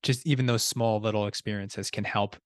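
Low-voiced reflective male host. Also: fairly even intonation, brisk, no echo, studio quality. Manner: reflective, thoughtful, with soft hums of assent. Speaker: podcast host. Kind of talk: podcast interview.

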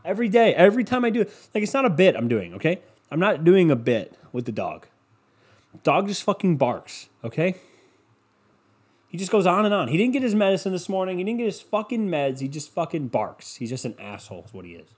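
A man's voice: sits high, big pitch swings, fairly quick, darkish tone, slightly rough. A man rambling through a casual solo monologue at home, swearing often and putting himself down. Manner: rambling, profane, self-deprecating.

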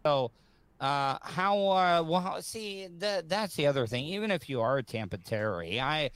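A podcast host interviewing a guest, speaking hesitantly with many fillers. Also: male voice, fairly high pitch, expressive, measured pace, a bit bright, smooth, no room sound.

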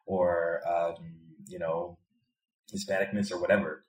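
A man from Chicago with a very low voice talks in an unhurried, reflective way as an interview guest. He often repeats words as he works toward his point. The room around him is audibly echoey. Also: level tone. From Chicago, USA. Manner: thoughtful, repeats words when building a point. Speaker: guest, American expat in Thailand. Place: indoor room in Bangkok.

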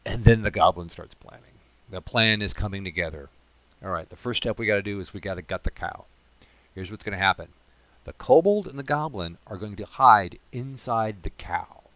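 A deep-voiced man recounts a tabletop game adventure in a casual, animated way, full of comic asides. His voice is low and recorded dry and close, with no room sound. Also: normal speed, dry recording. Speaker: tabletop gamer telling a story. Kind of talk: casual storytelling monologue.

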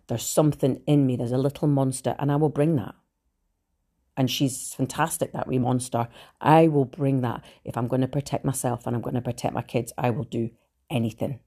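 A Scottish woman with a Glasgow accent, telling her own story in a blunt, animated monologue full of swearing. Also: rumbling low. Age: adult with three children. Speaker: speaker sharing her recovery story.

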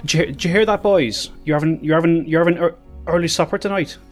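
A man's voice: a little high, fast talker, faint music behind, pitched above the performer's own voice, natural voice. Man doing fussy motherly caretaker Kashka. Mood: hospitable. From Britain. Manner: fussy, hospitable, stumbling over words. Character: bustling motherly woman caretaker of two boys.

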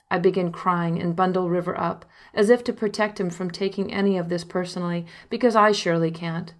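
A young woman narrates her own memoir as an audiobook, recounting her story in an intimate first-person voice and giving emotion to quoted lines. Her voice is lowish and steady, and she reads a little fast with hardly any pauses.

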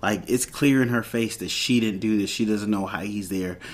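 A man's voice: fairly low pitch, moderate pace. Casual man recapping a TV episode. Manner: retells scenes with quoted dialogue, loose and rambling. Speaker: podcast host.

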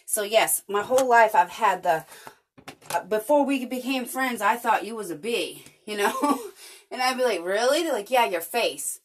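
A little hiss or hum sits under this recording of a woman hosting a podcast at normal speed, her voice on the high side. She talks earnestly and chattily in a casual motivational monologue, animatedly telling stories with lots of energy.

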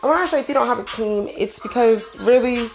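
Young woman vlogger, gravelly voice, loose slangy rambling talk, faint music behind. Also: fairly high pitch, brisk. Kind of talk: casual monologue to viewers.

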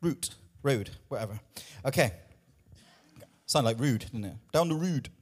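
A man's voice: medium pitch, animated, a little slow, husky. A man pastor preaching a sermon with emphatic, repetitive lines, out of breath at times.

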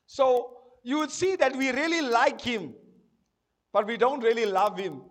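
High-voiced pastor preaching. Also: male voice, measured pace. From South Africa. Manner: swings between loud proclamation and quiet asides, asks the congregation questions. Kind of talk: sermon.

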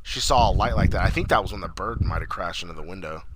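A man casually recapping a horror movie on a remote call, rambling with many fillers and acting out the characters in quick voices. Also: low-pitched, noisy background. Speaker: podcast co-host.

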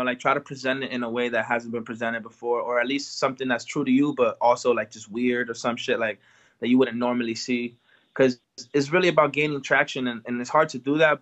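A man's voice: medium pitch, fairly bright tone, highs cut off. A man, a rapper from Washington Heights, talking casually in an interview in a laid-back, slangy way. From Washington Heights, New York. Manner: laid-back, slangy, peppered with "you know what I'm saying". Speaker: rapper guest.

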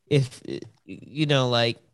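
A man co-hosting a podcast, talking casually in a halting way, full of fillers and restarts. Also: medium pitch, no room sound, studio quality. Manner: halting, full of "um" and "you know". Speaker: podcast co-host. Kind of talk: casual chat.

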